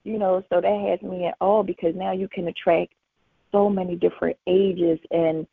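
A woman's voice: lowish voice, little pitch movement, normal speed, creaky, slightly rough, no echo. A woman in her forties, a featured guest giving a faith testimony on a call-in show, telling her story with animation and acting out conversations. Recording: tinny phone line.

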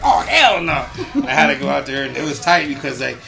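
A man rattles off a story at a fast clip in casual podcast chat, his voice gravelly and swearing as he goes. His pitch sits a bit high for a man, and music plays behind him. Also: big pitch swings. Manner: rambling storyteller, swears a lot. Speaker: podcast co-host.

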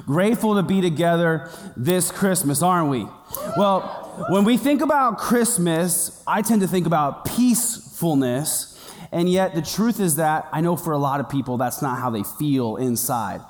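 High-voiced man preaching in a reverberant hall. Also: expressive, moderate pace. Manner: humorous storytelling with quoted voices. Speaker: pastor. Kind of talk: sermon. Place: church auditorium.

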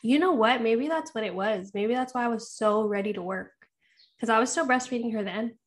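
A woman, co-hosting a casual chat and telling animated stories, acting out what people said. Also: fairly high pitch, fairly quick. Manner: animated storytelling, acts out quotes, laughs often. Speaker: podcast co-host.

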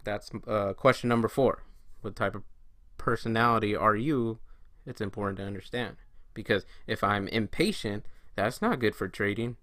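A man's voice: on the low side, moderate pace, a bit bright, dry recording, clean studio sound. A man talking casually as a trading coach, often acting out inner voices and quoted friends. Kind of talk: casual solo talk to camera.

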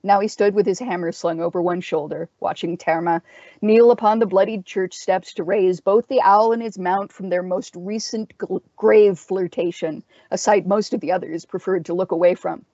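A woman reading a dark fantasy story aloud, in a measured, expressive narration. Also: lowish voice, no echo. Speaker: story reader. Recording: dull dry lo-fi sound.

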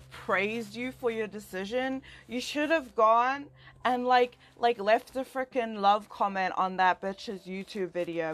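Young adult woman, casual rant; swears freely, rambles, gets louder as she gets worked up. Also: fairly high pitch. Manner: heated, profane, rambling, filler-heavy. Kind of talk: angry personal rant to a friend.

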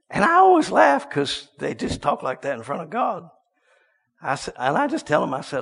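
A man preaching a sermon, telling a story and swinging from hushed asides to loud bursts. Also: a little high, huge pitch swings, normal speed, gravelly, husky, big-room sound.

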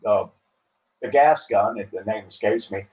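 A man's voice: lowish voice, normal speed, a little mellow, dull audio. A man, a police captain and trainer, talking in casual panel chat with folksy, wry, blunt remarks and many fillers.

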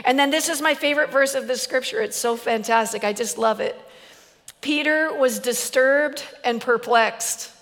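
A woman preacher giving a humorous sermon, animated and playful, laughing often. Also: sits high, moderate pace, long reverb tail.

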